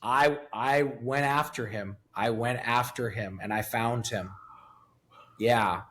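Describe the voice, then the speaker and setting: A man's voice: mid-range voice, slow pace, a bit bright, a little hiss or hum. A man in his fifties speaking as a guest in a candid interview, blunt, profane and emotionally raw. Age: 50s. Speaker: podcast guest.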